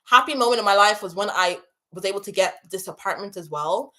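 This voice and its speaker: A woman's voice: medium pitch, a little fast, pushed and bright. Chatty, emotional young woman livestreaming. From moved to England from abroad. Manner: chatty, emotional, many fillers and restarts. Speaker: YouTube livestream host. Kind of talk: casual livestream chat, reading viewer questions.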